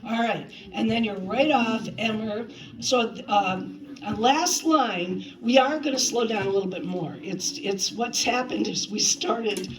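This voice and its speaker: A woman's voice: a little high, unhurried, over music, poor audio. A woman directing a community choir rehearsal in a chatty way, counting beats and singing phrases to show them. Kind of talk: rehearsal instruction. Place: rehearsal hall with choir present.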